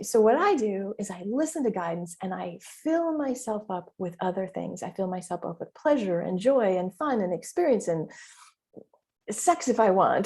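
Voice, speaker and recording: Mellow-voiced woman hosting a podcast. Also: on the high side. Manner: emphatic, animated, frequent mild swearing; acts out her inner voice in quoted asides. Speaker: podcast host and business mentor. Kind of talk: casual solo podcast talk.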